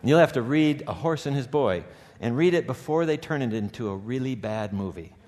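A man preaching a sermon, praying softly and reading a story aloud, rising to urgent, emphatic peaks. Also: mid-range voice, animated, brisk, a little hiss or hum. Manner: soft hushed prayer voice. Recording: long hall reverb.

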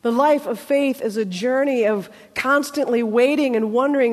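High-voiced woman preaching a sermon. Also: a little mellow, in a large hall. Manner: conversational, with dramatic pauses.

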